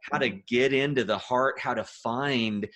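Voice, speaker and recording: A man's voice: medium pitch, a little slow, a bit bright. Reflective male podcast host. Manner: reflective, thoughtful, repeats words. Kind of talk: podcast interview.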